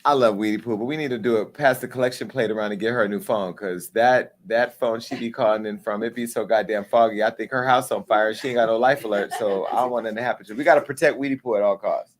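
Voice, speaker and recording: A man in his forties hosting a live talk show, telling a story in a casual, profane way and acting out the dialogue with lively jumps in pitch. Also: fast talker, few pauses, slight background noise. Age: 40s. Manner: animated, acts out quoted dialogue with pitch jumps.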